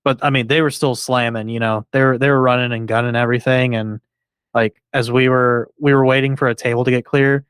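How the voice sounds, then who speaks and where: A man co-hosting a podcast, talking in a relaxed, easygoing way. His voice is smooth and resonant at a middle pitch. The sound is dry and close. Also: a little fast, no echo. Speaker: podcast co-host. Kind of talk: casual podcast chat.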